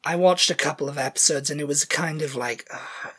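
A man's voice: fairly high pitch, brisk, sharp tone, husky. A British man co-hosting a podcast, chatting loosely with lots of fillers and sometimes reading out show synopses. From Britain. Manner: rambling, filler-heavy, reads out show synopses. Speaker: podcast co-host. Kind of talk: casual chat.

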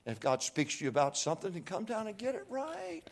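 A man preaching a revival sermon in a church, folksy and joking, pleading softly one moment and shouting from afar the next. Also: high voice, wildly swooping pitch, fast talker, creaky. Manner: swings from hushed pleading to far-off shouting. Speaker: guest preacher. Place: church sanctuary.

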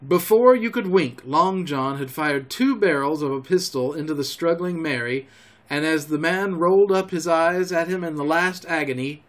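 A man hosting a storytelling show, reading a classic novel aloud in a calm, homely way. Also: on the high side, normal speed. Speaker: storyteller host.

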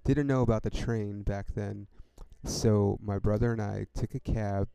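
A man's voice: fairly low pitch, fairly even intonation, measured pace, creaky, dark tone, clean tone, no room sound. A young man hosting a podcast, telling a rambling story in a laid-back, profane way, peppered with "dude" and "like". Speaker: podcast host.

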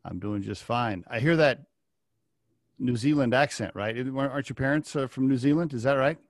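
A man with a mid-pitched voice hosts a podcast interview over a video call. He opens with a read sponsor spot, then chats loosely, repeating himself and tossing in quick okays as he listens. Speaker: podcast host.

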